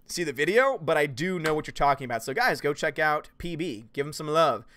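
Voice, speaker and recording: A man hosting a livestream, reading chat messages and answering in a casual, animated way with loud jokey outbursts. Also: a little high, fairly quick, a little hiss or hum. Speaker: YouTube channel host reading live chat.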